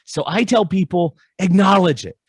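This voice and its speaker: A man's voice: high voice, normal speed, husky, no echo. A man speaking as a podcast guest, explaining ideas in a conversational way and acting out little dialogues with changing voices.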